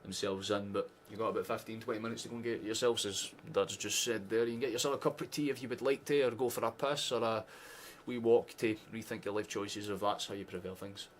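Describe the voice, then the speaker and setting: A man's voice: on the low side, steady tone, fast, few pauses, slight background noise. A Scottish man hosting a live football watchalong, chatting casually with sarcastic asides and frequent swearing. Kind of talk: casual live match chat.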